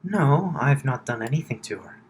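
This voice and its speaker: A man narrating as game master of a tabletop game, speaking in a slow, amused way. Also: medium pitch, very animated, breathy edge.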